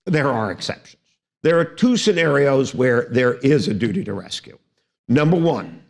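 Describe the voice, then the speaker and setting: A man lecturing on law for exam prep, with dramatic, wry storytelling. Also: fairly high pitch.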